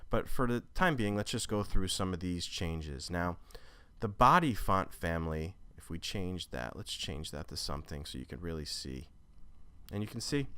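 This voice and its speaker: A man's voice: low voice, smooth, no room sound. A man teaching an online course, talking casually through a screen-recorded tutorial with many fillers and self-corrections. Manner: relaxed and conversational, with frequent fillers and self-corrections.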